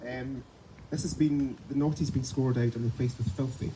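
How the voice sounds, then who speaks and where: A man's voice: mid-range voice, fairly even intonation, moderate pace. A man hosting a live book event, reading audience questions to the guest in an easygoing way. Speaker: event host and interviewer. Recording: noisy live event recording with clicks.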